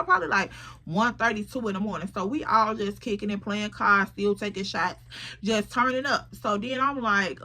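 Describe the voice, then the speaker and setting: A woman, casually telling a story to camera and quoting friends in quick, slangy voices. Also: mid-range voice, pushed and bright. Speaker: storytime vlogger.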